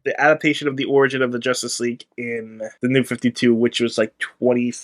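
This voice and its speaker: A man's voice: medium pitch, level tone, quick pace. A man co-hosting a podcast in casual chat, laid-back and matter-of-fact. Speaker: podcast co-host.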